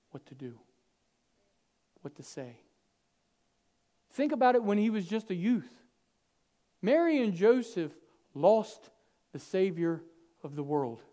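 High-voiced preacher with big swings. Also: male voice, slow, long pauses. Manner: dynamic, swings from hushed to loud and animated; acts out quoted dialogue with humor. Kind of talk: sermon.

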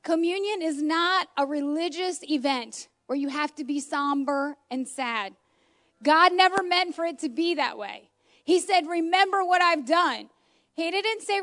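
High-voiced passionate woman preaching. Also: moderate pace, a bit bright. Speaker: homeschool mom preaching. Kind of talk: informal sermon. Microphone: phone.

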